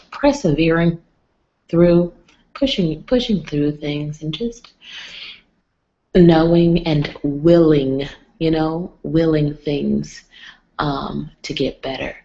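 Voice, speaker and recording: A woman's voice: deep voice, warm tone, slight background noise. A woman hosting a late-night live stream from home, talking casually and keeping her voice down, often near a whisper, through a computer mic. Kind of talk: casual live-stream chat with motivational talk. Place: home at night with others asleep. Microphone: computer mic on a live video stream. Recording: dull lo-fi stream audio.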